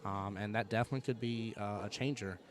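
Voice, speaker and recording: A man's voice: on the low side, steady tone, quick pace. A man commentating a pool match live, chatty and conversational, often checking in with his co-host. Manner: chatty, fills with "right?" and "like".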